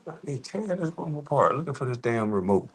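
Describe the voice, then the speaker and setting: A man's voice: medium pitch, very animated, fast talker, slightly rough. A man giving a casual, profane rant as a reaction commentator, blunt and laughing often. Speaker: commentator reacting to online critics.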